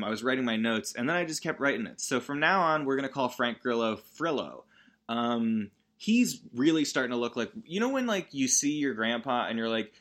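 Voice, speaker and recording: Man, comic movie recap host, bright tone, mid pitch, rambling, self-interrupting.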